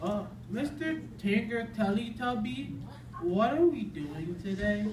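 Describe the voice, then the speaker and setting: A man's voice: very high voice, expressive, takes it slowly, full character voice. A man playing a young boy camper in a church skit, asking timid, mumbled questions. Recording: echoey hall, far from mic, noisy.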